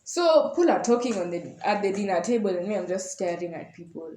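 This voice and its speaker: Lively Kenyan woman, laughing podcast chat. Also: medium pitch, fast talker, echoey room, slight background noise. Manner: animated, laughs often while telling stories. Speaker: podcast co-host. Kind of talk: casual chat.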